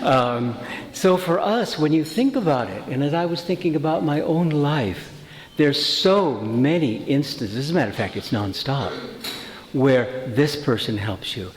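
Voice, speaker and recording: A man's voice: a little high, animated, a little slow, a little hiss or hum. A man giving a spiritual talk to a retreat group, telling stories in a conversational way, with frequent fillers and restarts. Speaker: retreat teacher. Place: retreat hall. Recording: roomy hall reverb.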